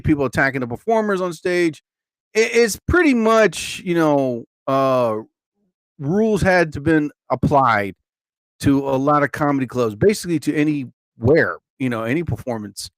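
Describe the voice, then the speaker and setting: A man hosting a live stream, rambling and animated with lots of filler words. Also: a little high, dry recording, studio quality. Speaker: livestream host.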